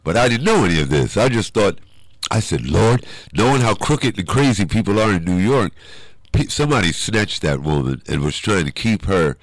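A man's voice: fairly low pitch, normal speed, no echo. A man, a guest in an interview, telling a personal story and acting out the voices of the people in it. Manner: animated storyteller who acts out quoted voices.

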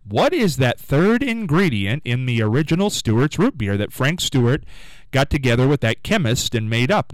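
A man hosting a live radio call-in quiz, with an upbeat, sing-song way of answering callers and a throat going hoarse. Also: medium pitch, moderate pace, no room sound, poor audio. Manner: lively, upbeat, sing-song when rejecting guesses. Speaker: radio call-in show host. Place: radio studio.

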